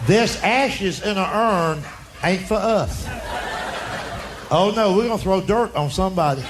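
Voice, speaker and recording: A man's voice: high voice, a little slow. Folksy man doing stand-up. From United States. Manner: folksy, drawling storyteller. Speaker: stand-up comedian. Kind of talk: stand-up storytelling. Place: comedy club stage with live audience. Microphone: stage mic. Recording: live club recording, crowd noise. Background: audience laughter.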